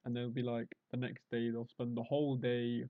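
A man's voice: medium pitch, moderate pace, dry recording, phone-quality sound. An English man co-hosting a podcast, chatting in a casual comedic way and often slipping into put-on voices. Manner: animated, slips into put-on voices. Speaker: podcast co-host.

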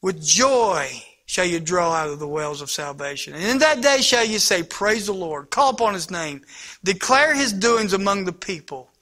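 A man delivers an impassioned sermon in a very high, bright voice. He swings from urgent, rising lines to hushed, almost whispered passages. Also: animated, moderate pace. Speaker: pastor.

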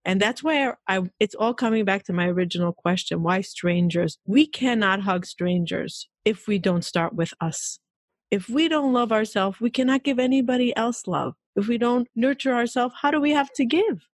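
A middle-aged woman hosting a conversational interview, who tells stories candidly in quick, animated bursts. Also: on the high side, dry recording, clean studio sound. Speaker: host.

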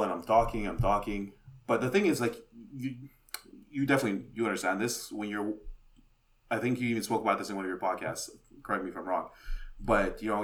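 A man from the Montreal area, a chef guest on a podcast, telling a story in a rambling, slangy, laid-back way. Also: fairly low pitch.

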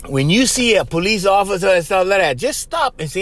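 A man's voice: sits high, expressive, a little fast, fairly bright tone. A man from Hawaii speaking Hawaiian Pidgin, hosting a casual solo podcast in a loose, joking way. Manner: loose and joking, lots of "bro" and laughter. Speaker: podcast host.

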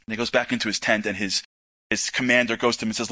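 A man telling a story to an audience, animated, acting out dialogue with casual asides. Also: fairly low pitch, fast, no echo. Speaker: speaker. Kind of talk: storytelling talk.

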